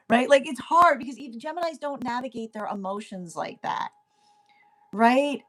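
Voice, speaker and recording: A woman's voice: high voice, big pitch swings, normal speed, pauses often. A young woman talks through a tarot reading in a loose, chatty way. She keeps asking "right?" and breaks into laughter again and again. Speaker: tarot reader. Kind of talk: casual tarot reading monologue.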